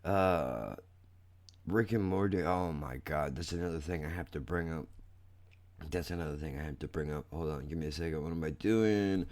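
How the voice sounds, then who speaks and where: A man hosting a podcast, chatting casually and excitably with lots of swearing and laughter as he reacts to clips. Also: extremely low pitch, normal speed. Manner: excitable, profane, laughs often. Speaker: podcast host.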